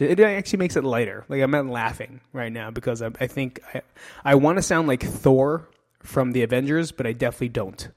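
A man's voice: mid-range voice, a little fast. A man in his thirties hosting a casual podcast monologue, blunt, profane and self-mocking, rambling loosely with restarts. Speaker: podcast host.

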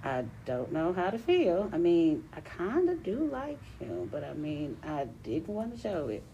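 A young woman reads a listener's letter aloud on a casual podcast. Her pitch swings a lot as she tells the story, and she laughs often. A faint hiss sits under the recording. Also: wildly swooping pitch, unhurried, dark tone, highs cut off.

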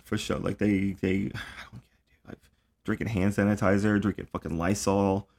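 Gravelly young man, swearing storyteller. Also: fairly low pitch, flat delivery, moderate pace, darkish tone. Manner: profane, rambling storyteller with lots of fillers. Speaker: podcast host. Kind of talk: casual chat.

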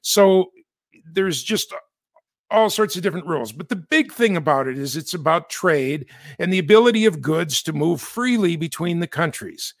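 A man's voice: fairly high pitch, lively intonation, moderate pace, dry recording, clean studio sound. A man from the United States giving chatty, self-correcting commentary with jokey asides. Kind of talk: casual spoken commentary.

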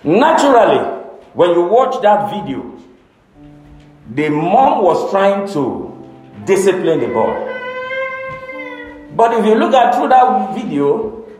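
A man's voice: sits high, a little mellow. A man preaching a sermon, emphatic and dramatic, repeating his key phrases. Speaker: pastor. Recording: echoey hall with faint music.

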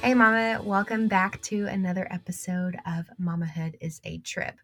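A woman's voice: on the low side, normal speed, fairly bright tone, faint music behind. Stuffy-nosed young woman hosting a podcast. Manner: upbeat and chatty, with frequent small laughs. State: stuffy nose from a cold. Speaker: podcast host. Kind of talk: casual solo podcast chat.

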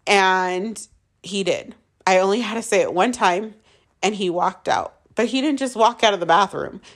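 A woman's voice: mid-range voice, moderate pace. A woman telling a raw, emotional story from her own life in casual speech, often saying "like" and swearing.

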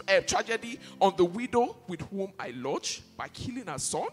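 A man's voice: sits high, expressive, normal speed, hardly any pauses, a bit bright. A male pastor preaching an impassioned sermon, repeating key phrases for emphasis. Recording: reverberant hall with faint music behind.

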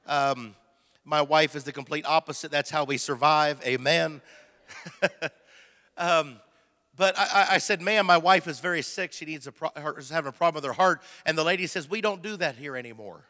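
High-energy preacher in a reverberant hall. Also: male voice, moderate pace. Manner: high-energy, excitable storytelling. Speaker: missionary preacher. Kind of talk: sermon testimony.

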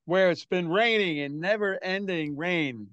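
An older man, a drummer, telling anecdotes in a relaxed, chatty way during a remote interview, sometimes doing quick voices of other people. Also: sits high, clear, resonant tone, no echo, dull audio.

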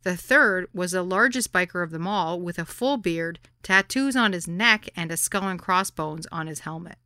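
A woman's voice: on the low side, normal speed, clean tone, dry recording, clean studio sound. Wry woman reading a memoir. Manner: wry, deadpan storytelling. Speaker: narrator.

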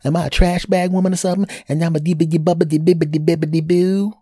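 An irritated young woman with a sharp tongue, pitched well above the speaker's own low voice and snapping in a dry, close sound, as a man puts her on while retelling a date. She sounds indignant and a little mocking. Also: little pitch movement, fast talker, no room sound, close to an everyday voice.

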